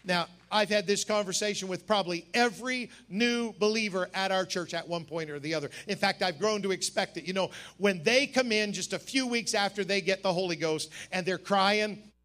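A man preaching at a camp meeting, his voice very high and bright. He moves from quiet, quick asides to emphatic shouted peaks. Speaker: pastor. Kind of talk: sermon.

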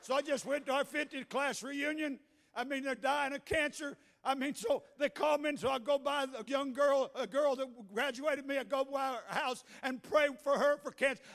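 A man in his sixties with a Southern US accent, preaching a Pentecostal sermon as pastor, moving from quiet storytelling to shouted preaching in a church. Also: very high-pitched, normal speed. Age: 60s. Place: church sanctuary. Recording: echoey hall with long reverb.

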